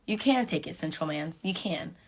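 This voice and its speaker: A young woman chatting casually with fans on a live stream, animated and sassy, talking straight to her viewers. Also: sits low, moderate pace. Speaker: reality show contestant on a live stream. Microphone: phone.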